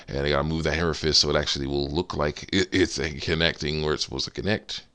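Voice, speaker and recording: A man with a very deep, gravelly voice talks through his modding work in rambling, giggly commentary. His voice is bright and edgy despite the low pitch, and his intonation swings up and down a lot. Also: steady tone, fast talker. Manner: rambling, giggly, self-interrupting. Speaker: game modder. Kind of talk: casual commentary while editing a game.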